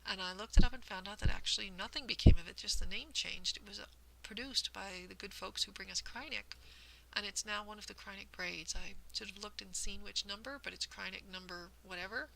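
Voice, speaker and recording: A woman with a heavily gravelly, fry-laden voice talks through her hobby in a casual vlog. She explains things patiently and carefully, poking fun at herself along the way. Her pitch sits in a middle range, and faint noise runs under the recording. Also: fairly quick, fairly bright tone, rough recording. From United States. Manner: careful, explanatory, self-deprecating. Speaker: host of a cross-stitch vlog.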